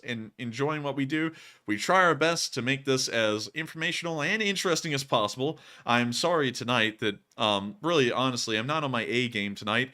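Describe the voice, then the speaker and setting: Bright-toned tired male stream host. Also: medium pitch, a little fast. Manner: rambling, frequent fillers and thank-yous. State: exhausted. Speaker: livestream host. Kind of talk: livestream war news commentary.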